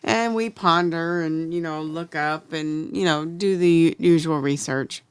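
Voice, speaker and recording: An American woman co-hosting a podcast, telling a story in a chatty, animated way. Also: low voice, a little slow, clean tone, no room sound. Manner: chatty, animated retelling with acted-out quotes. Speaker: podcast co-host. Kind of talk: casual storytelling chat.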